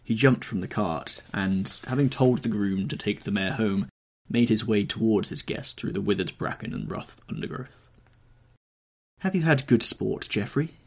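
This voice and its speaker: Low gravelly male audiobook narrator. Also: a little mellow. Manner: measured, literary.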